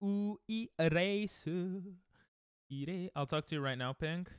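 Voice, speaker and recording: A man's voice: on the high side, a little fast, clear, resonant tone, dry recording, studio quality. A young man live-streaming, chatting to viewers in a rambling, self-mocking way while he plays. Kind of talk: casual live-stream chat while gaming.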